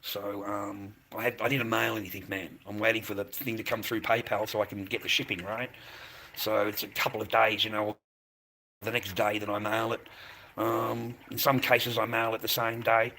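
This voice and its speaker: A man's voice: fairly low pitch, little pitch movement, moderate pace, vocal fry, bright, forceful tone, a little hiss or hum, poor audio. A middle-aged man ranting crudely on a livestream, swearing constantly and taunting viewers. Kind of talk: profane livestream rant.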